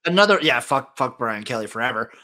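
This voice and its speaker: A man's voice: mid-range voice, expressive, fast, sharp tone. A man co-hosting a casual sports podcast, laid-back but blunt, swearing casually as he gives his takes. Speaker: podcast co-host.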